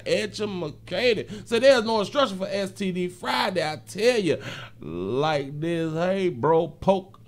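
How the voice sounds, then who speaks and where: A male host on a live stream, talking loudly and laughing often as he reacts to a video. His voice sits a bit high for a man and swings widely in pitch, rising sharply and dropping low again. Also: unhurried. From Florida. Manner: loud, laughing, animated street talk. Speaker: show host.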